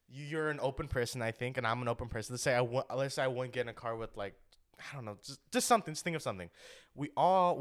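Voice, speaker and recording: Rambling young man chatting casually. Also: medium pitch. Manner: rambling, animated, filler-heavy. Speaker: podcast co-host. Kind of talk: casual chat.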